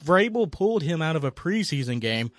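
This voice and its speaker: A man hosting a casual sports chat, excitable, laughing often and stumbling over repeated words. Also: fairly high pitch, a little fast, no room sound, clean studio sound. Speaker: sports talk host.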